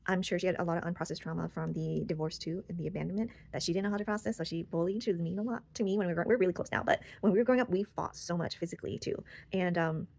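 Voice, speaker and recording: A woman's voice: lowish voice, rapid-fire, vocal fry, few pauses, darkish tone. A young woman sharing a personal story in casual, rambling talk full of fillers and restarts, recorded close on the mic. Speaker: channel host.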